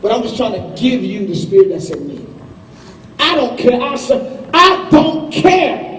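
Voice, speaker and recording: A man's voice: very high voice, lively intonation, moderate pace. A man scolding and exhorting his choir at a rehearsal, fiery and blunt, in an echoey room recorded from a distance. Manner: fiery, scolding, mimics people in asides. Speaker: choir director. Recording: echoey room, mic far off.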